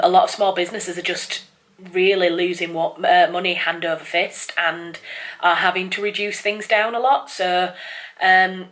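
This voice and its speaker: A woman's voice: on the low side, a bit bright. A woman, a writer, chatting casually to camera in a vlog, rambling with lots of fillers and sounding a bit apologetic. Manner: apologetic and self-conscious toward viewers. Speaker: writer and vlogger.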